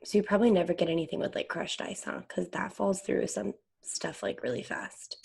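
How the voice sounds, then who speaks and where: A young woman co-hosting a casual podcast, reacting with quick agreeing interjections and light teasing. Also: lowish voice, vocal fry, darkish tone, slightly rough. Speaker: podcast co-host. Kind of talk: casual chat.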